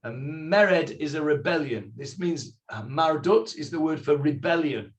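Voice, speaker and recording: A man teaching a Bible study class, explaining slowly, quoting the figures in character and asking his students questions. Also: fairly high pitch.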